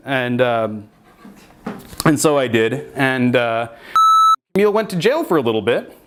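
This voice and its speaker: A young man telling a comedic story in an animated way, laughing and leaping high in pitch when he quotes himself. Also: unhurried, long pauses. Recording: noisy background.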